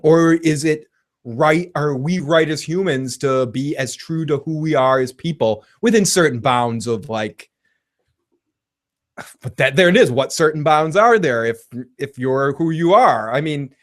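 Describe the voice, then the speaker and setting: Excitable, swearing man hosting a recap show. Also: a little high, unhurried. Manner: excitable and profane, laughs often, retells scenes. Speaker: podcast host reviewing a TV episode. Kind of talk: casual recap chat, reading out viewer comments.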